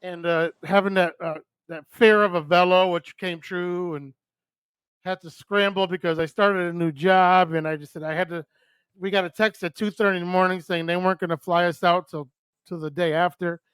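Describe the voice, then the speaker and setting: An older man from New hosts a live radio stream, loosely chatting, joking and cursing with a friend. His voice sits high with fairly even intonation, a normal pace, and a clear, resonant, fairly bright tone with no echo.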